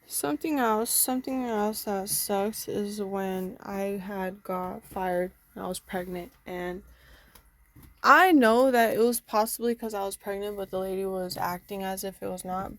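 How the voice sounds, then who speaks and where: Brief: young woman, casual vlog rant, cursing and rambling, noisy home recording. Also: medium pitch. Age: young adult. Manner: rambling, profane, frequent fillers. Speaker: vlogger. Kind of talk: casual venting monologue.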